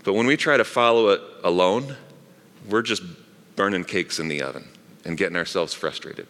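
A man's voice: sits low, normal speed, a bit bright. A middle-aged man, a pastor, preaching a sermon in a chatty way, with asides to the congregation. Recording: long reverb of a large hall.

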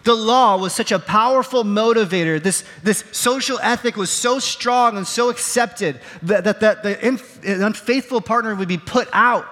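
A man's voice: high voice, normal speed, hardly any pauses, fairly bright tone, long reverb tail. A man preaching a sermon from a stage with a microphone, telling stories with acted quotes in an earnest, self-deprecating way. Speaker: pastor. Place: on a stage in a large hall. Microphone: wearing a microphone.

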